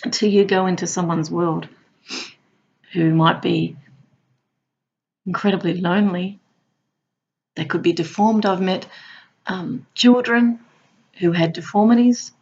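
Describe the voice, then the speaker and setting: A woman who works as a hospital clown tells her stories playfully, now and then jumping into high squeals. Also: fairly even intonation, unhurried, pauses often, lo-fi sound. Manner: warm, playful, bursts into high squeals when acting out clowning. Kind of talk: personal storytelling.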